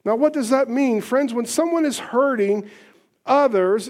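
A man preaching a sermon as pastor, swinging between loud emphatic points and soft hushed asides, and leading the congregation in repeating phrases. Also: very high-pitched, unhurried. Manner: leads congregation in call-and-response repetition.

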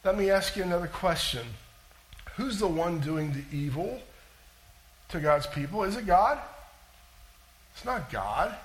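High-voiced man preaching with energy. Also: a little slow, pauses often, rough recording. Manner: animated, conversational preaching with questions to the audience. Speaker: pastor. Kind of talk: sermon.

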